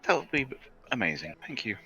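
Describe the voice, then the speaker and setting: A man voicing a soft-spoken young female bard in a polite, gentle way. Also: medium pitch, sing-song, brisk, over music, pitched above the performer's own voice.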